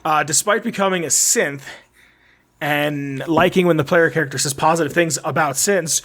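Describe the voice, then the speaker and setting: A man's voice: on the high side, normal speed, a bit bright. Casual male podcaster reading lore notes. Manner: reads notes aloud, tripping and correcting words. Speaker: podcast host.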